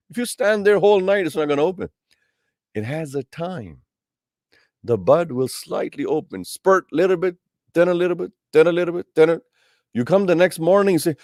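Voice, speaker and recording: Male Islamic teacher giving a tafseer lecture, lively and expressive, recorded dry and close. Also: high voice, brisk, no room sound. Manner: animated, acts out quoted voices; addresses listeners as brothers and sisters.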